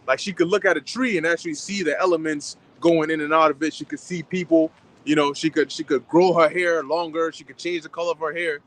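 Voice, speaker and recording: A man at a church gathering adding his thoughts, halting and full of fillers and restarts. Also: on the high side, steady tone, fairly bright tone, low-quality recording. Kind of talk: informal sermon remarks.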